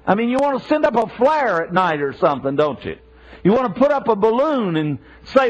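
Impassioned preacher man, animated pitch. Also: brisk. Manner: impassioned, repeats himself for emphasis. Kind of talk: sermon. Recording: dull lo-fi sermon recording.

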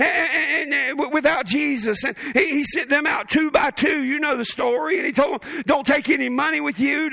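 A man preaching with a very high, gravelly voice, his tone bright and cutting. He shouts his exhortations as pastor, then drops into playful asides and acts out the people in his stories. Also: dry recording. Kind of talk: sermon.

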